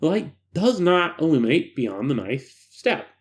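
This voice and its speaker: A man's voice: on the high side, very animated, moderate pace. A man reading an eerie case file aloud and breaking off for joking, casual asides. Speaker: narrator and host.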